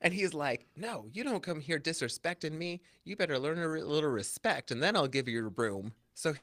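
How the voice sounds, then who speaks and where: A man on a podcast, retelling a story with lively swings in pitch and a bright, forceful tone. He jumps into high squeaky voices for quoted lines and laughs a lot. The sound is dry and close. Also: fairly quick, dry recording. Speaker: podcast co-host. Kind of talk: casual chat.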